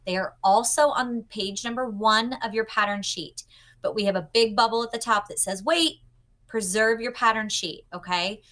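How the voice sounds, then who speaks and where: A woman's voice: medium pitch, steady tone, moderate pace, a bit bright. Upbeat young woman, guest designer on a video call, chatty teaching tone. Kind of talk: demonstrating a pattern on a livestream.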